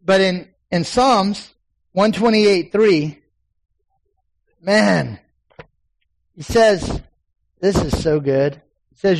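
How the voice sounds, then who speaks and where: A man's voice: sits high, slow, long pauses, rough recording. A man in his forties preaching a sermon in a church, telling folksy personal stories and building to emphatic points. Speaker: pastor. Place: church sanctuary with a congregation.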